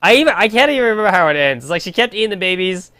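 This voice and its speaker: A man's voice: high voice, sing-song, rapid-fire, bright, forceful tone, no echo. A young man streaming a game, rambling in crude casual chat full of filler "like". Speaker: gaming streamer.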